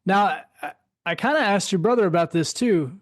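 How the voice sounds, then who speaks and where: A man's voice: sits high, moderate pace, dry recording, clean studio sound. A man in his forties hosting a veterans' podcast, chatting casually with loose, swearing asides. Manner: relaxed, profane, friendly asides. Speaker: podcast host, fellow veteran. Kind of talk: casual interview chat.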